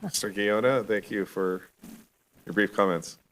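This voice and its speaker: Low-voiced man chairing a council meeting. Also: a bit bright, rough recording. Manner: polite, procedural, slightly halting. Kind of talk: chairing a public hearing. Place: city council chamber.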